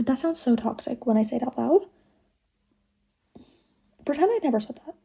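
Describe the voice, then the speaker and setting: A woman's voice: high-pitched, fairly quick, vocal fry, pauses often, dark tone, breathy edge, low-quality recording. A young woman chatting in a reading vlog, gushing and laughing often, sometimes dropping into whispers. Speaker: book vlogger. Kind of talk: casual reading vlog chat.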